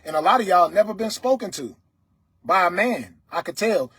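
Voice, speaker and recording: Loud, stern man preaching to his viewers. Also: sits high, expressive, moderate pace, breathy edge, dry recording. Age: adult, father of several children. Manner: dialect grammar, repeated "you understand me?". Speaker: livestream host. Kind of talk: motivational talk to viewers.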